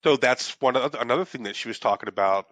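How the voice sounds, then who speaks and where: A young adult man co-hosts a podcast in casual chat, talking fast in a medium-pitched, slightly bright voice with no echo. He rambles loosely, swears freely and keeps restarting his sentences.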